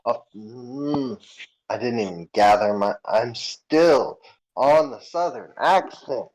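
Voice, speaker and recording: A man's voice: medium pitch, slow, a little mellow, poor audio. A man playing a character in a tabletop game, stammering and repeating words as he talks. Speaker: player.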